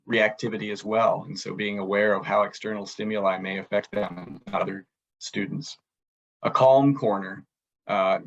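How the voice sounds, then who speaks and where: A man's voice: on the low side, lo-fi sound. A man presenting at a grand rounds lecture, earnest, with frequent fillers and restarts. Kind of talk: academic presentation.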